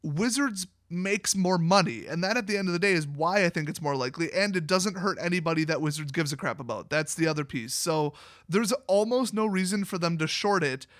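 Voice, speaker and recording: A young man from Wisconsin hosts his own card game video, talking alone with blunt, emphatic sarcasm. His voice sits a little high for a man. The recording is dry and close, with no room sound. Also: fairly quick, fairly bright tone, no echo. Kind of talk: opinionated solo commentary.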